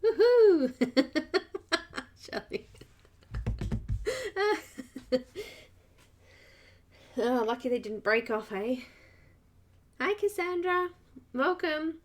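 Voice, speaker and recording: A woman hosting a live coloring stream, slightly croaky, chatty and greeting viewers by name with frequent laughs. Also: sits high, very animated, slow, long pauses. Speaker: art channel host.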